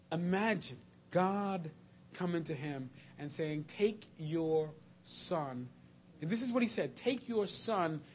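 A high-voiced man delivers a sermon, alternating between loud, emphatic lists and quiet, slow passages. A slight hiss or hum sits in the recording.

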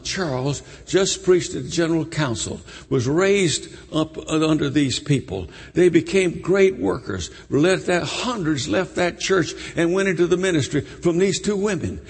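A man preaching, telling a story in an animated way with repeats and restarts. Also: on the high side, husky. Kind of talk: sermon storytelling. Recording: echoey hall.

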